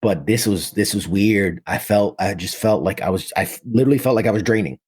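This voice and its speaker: A man's voice: lowish voice, brisk, darkish tone, slightly rough. A man in his thirties from New York City, a military veteran telling his story in casual talk, full of vivid detail and frequent restarts.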